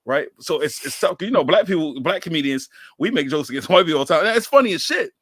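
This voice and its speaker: A man in his thirties with a slightly high voice hosts a casual podcast chat. He tells lively stories and keeps slipping into quoted voices. The sound is close and dry. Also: quick pace, breathy edge, no room sound. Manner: animated storyteller, acts out quoted voices. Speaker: podcast host.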